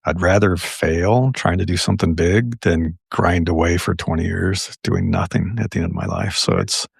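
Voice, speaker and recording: A middle-aged man with a very low, gravelly and husky voice. He talks reflectively in a podcast conversation and leans on anecdotes and quotes. The sound is dry and close. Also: steady tone, moderate pace, dry recording. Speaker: podcast guest. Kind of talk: casual conversation.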